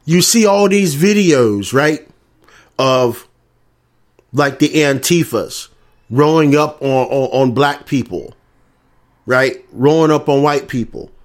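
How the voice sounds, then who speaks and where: A man's voice: mid-range voice, slow pace, pauses often. A man with a Southern US accent delivering a combative, profane, repetitive rant. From American South. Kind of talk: ranting monologue.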